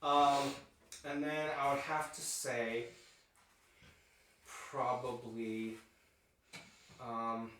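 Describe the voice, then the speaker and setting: A man's voice: medium pitch, level tone, very slow, pauses often, a bit bright, a little hiss or hum. A young man co-hosting a podcast, chatting casually in a hesitant, profane way. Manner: hesitant, full of ums, profane. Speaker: podcast co-host. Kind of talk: casual chat. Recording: echoey room, distant mic.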